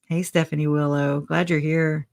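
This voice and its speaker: A woman's voice: low voice, darkish tone. A woman hosting a casual livestream, chatting, laughing often and greeting viewers by name. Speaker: livestream host.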